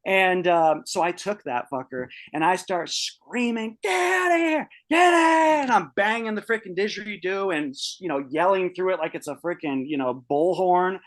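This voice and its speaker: A young man telling a story from his own life in a casual, profane, animated way. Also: fairly high pitch, no echo. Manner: profane, animated storyteller who shouts out his quoted outbursts. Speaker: podcast guest.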